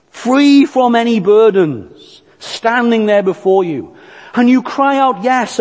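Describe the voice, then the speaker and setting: A man preaching with a high, light voice, slow and deliberate. His earnest sermon carries a long reverb tail from a church hall. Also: a little mellow.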